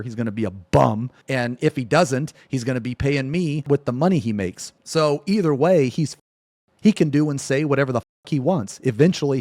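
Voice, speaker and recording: A man's voice: medium pitch, warm tone, no echo. A man hosting an online interview, speaking in a blunt, vindictive way. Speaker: host.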